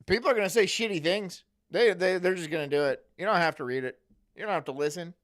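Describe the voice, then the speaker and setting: A man's voice: high voice, quick pace, fairly bright tone. A man streaming, chatting casually in profane, rambling rants. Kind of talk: casual chat.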